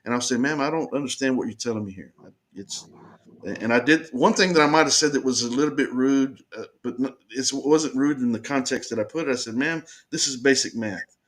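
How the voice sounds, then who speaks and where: A man's voice: medium pitch, fairly quick. A man earnestly recounting a confrontation in the first person, insistent and repeating himself as he explains.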